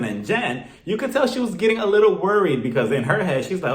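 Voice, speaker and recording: A man giving an animated, gossipy casual video review, recapping with frequent laughs. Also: sits high, fast talker, few pauses. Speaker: TV show reviewer. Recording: roomy echo.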